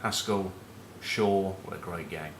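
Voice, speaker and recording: A man's voice: deep voice, slow pace, creaky, echoey room, background noise. A middle-aged man from northern England with a Northern English accent, a former rugby captain rambling through cheeky, sweary match talk and anecdotes. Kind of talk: casual rugby chat with anecdotes.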